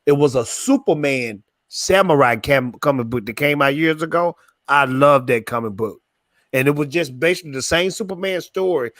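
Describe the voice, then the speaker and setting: A man's voice: medium pitch, a bit bright, no room sound, studio quality. A man on a live panel talking with enthusiasm, often hesitating with fillers. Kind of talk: casual live panel chat.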